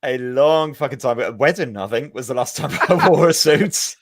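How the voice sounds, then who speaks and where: A man's voice: medium pitch, animated, moderate pace, a loud crowd. Male tech reviewer, casual and wry, mid-range voice, swears freely. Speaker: tech YouTuber guest. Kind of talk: casual podcast chat.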